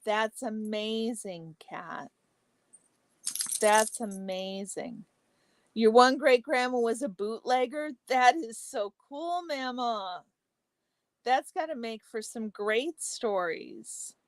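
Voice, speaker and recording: A woman hosting a casual livestream chat, reading viewer comments aloud and answering each by name, chatty and exclamatory with soft asides. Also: a little high, slow, dry recording. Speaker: livestream host.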